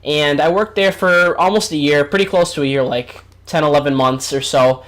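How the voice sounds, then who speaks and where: A man in his twenties telling a story to his viewers in an animated, chatty vlog style. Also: a little high, moderate pace. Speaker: vlogger.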